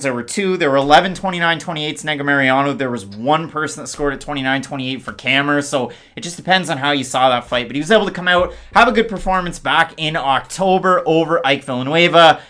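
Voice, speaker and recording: A man's voice: on the high side, sharp tone. A man hosting a casual MMA preview, rattling off records, odds and scorecards. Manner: stat-heavy, brisk. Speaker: MMA podcast host. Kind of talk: casual fight-preview chat.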